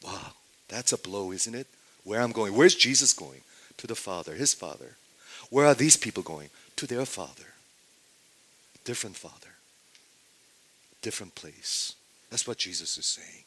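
A man preaching a sermon, often asking his congregation questions and swinging between loud declarations and near-hushed asides. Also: lowish voice, expressive, measured pace, long pauses, slightly rough. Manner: asks the congregation rhetorical questions. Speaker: pastor.

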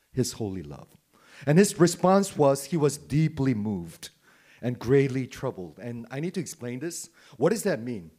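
A man's voice: mid-range voice, dark tone. Emphatic male preacher. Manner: emphatic, rhetorical questions, drops to near-whisper for effect. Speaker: pastor. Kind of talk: sermon.

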